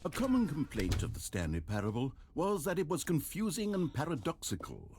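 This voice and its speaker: A man voicing a self-satisfied video game narrator, speaking in a dry, ironic, measured way. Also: on the high side, wildly swooping pitch, noisy background. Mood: wry.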